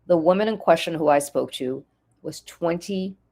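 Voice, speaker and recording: A woman's voice: fairly low pitch, normal speed, dark tone. A woman giving impassioned talk-show commentary, emphatic and emotional, repeating her key points for force. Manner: emotional, urgent. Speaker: political commentator and nonprofit leader.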